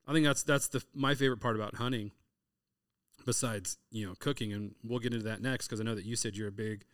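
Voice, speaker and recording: Man, thirties, low voice, casual storyteller, dry sound. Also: quick pace, clean tone, no room sound. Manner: storytelling, animated retelling of hunting anecdotes with quoted dialogue. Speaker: podcast host. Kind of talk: casual chat.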